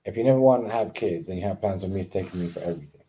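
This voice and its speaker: A man with a deep, low-pitched voice rants casually to the camera in a rambling, repetitive way. He talks with a dark, mellow tone, swears freely and hammers his points with emphatic repeats. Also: rapid-fire, a little hiss or hum. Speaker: vlogger.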